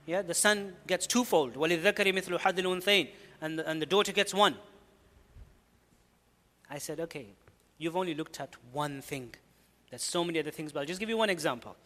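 A man delivers a religious lecture in an earnest, explanatory manner, rattling off Arabic quotations at speed. His voice sits high and bright. The sound carries a long hall reverb. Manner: earnest, explanatory, quotes Arabic scripture rapidly. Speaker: Islamic preacher.

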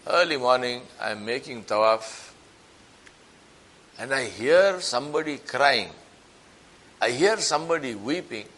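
A man preaching a sermon as a story, acting out the people in it with lively shifts of voice. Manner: animated, acts out quoted voices with rising pitch.

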